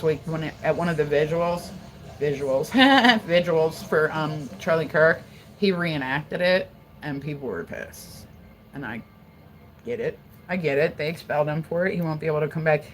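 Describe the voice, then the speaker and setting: This low-pitched woman from Delaware, USA, is hosting a casual livestream, cursing freely and rambling with an animated energy. The audio is poor.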